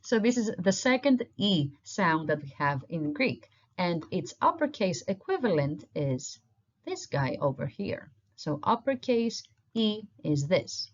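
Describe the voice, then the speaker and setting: A woman teaching a recorded online language lesson, explaining patiently step by step while pointing at slides. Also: on the low side. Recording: dull lo-fi recording.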